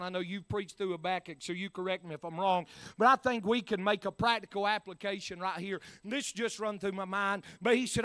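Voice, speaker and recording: High, bright-voiced preacher. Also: male voice, dry recording. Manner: swings from quiet to shouting, many "uh" fillers. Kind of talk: sermon.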